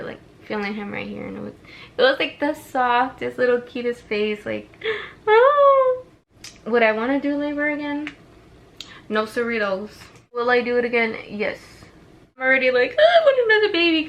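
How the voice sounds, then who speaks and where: Young woman vlogger chatting while doing makeup, brightish higher voice, acts out quotes w laughs and gasps.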